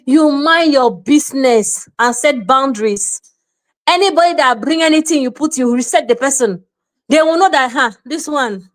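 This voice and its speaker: A woman with a Nigerian accent, hosting an opinionated commentary and lecturing forcefully, mixing in Pidgin and acting out little scenes in quoted voices. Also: high-pitched. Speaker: show host.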